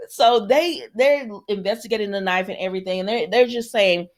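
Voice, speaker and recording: A woman's voice: fairly high pitch, normal speed, hardly any pauses. A woman vlogger casually recapping a soap opera episode, acting out the characters' lines and talking back to them. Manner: chatty, animated, acts out characters' lines, talks back to them.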